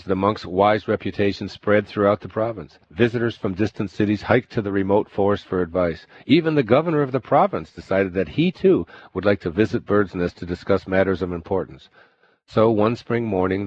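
A man reading a self-help text aloud in slow, deliberate, calm scripted narration. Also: fairly low pitch. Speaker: audiobook narrator. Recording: dull lo-fi recording.

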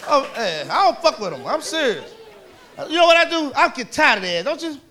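A male stand-up comedian telling a crude, brash story in a profane, animated style. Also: extremely high pitch, fairly quick, some chatter behind. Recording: live club with audience laughter and noise.

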